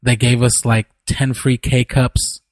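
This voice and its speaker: A man's voice: medium pitch, level tone, measured pace, no echo. A man co-hosting a podcast, chatting casually and swearing, often agreeing with his friend. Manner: laid-back, swearing, frequent backchannel agreement. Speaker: podcast co-host. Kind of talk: casual chat.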